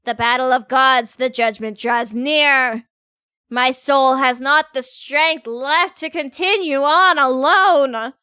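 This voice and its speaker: A woman's voice: sits high, clear, resonant tone, no room sound, studio quality, full character voice. A woman playing a grandiose gothic bird. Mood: melodramatic. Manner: slow, loud theatrical declaiming. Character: overwrought gothic male bird, grandiose and brooding. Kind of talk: live-stream game read-aloud.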